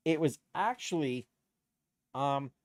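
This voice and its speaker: A man's voice: a little high, takes it slowly, no echo, studio quality. Blunt, swearing man in his fifties. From Canada. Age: 50s. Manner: profane, rambling and blunt. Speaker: DJ live streamer. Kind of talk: casual live-stream chat.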